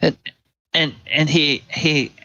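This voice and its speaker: A man narrating a tabletop game as game master, in a relaxed and halting way with many fillers. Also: a little high, no echo, lo-fi sound.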